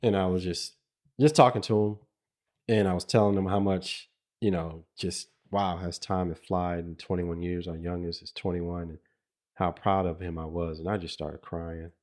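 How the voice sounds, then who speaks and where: Middle-aged guy on a podcast, real low voice, rambly and open, laughs a lot. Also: fairly even intonation, moderate pace, darkish tone. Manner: reflective, rambling with restarts and laughs. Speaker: podcast co-host. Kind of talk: casual podcast chat.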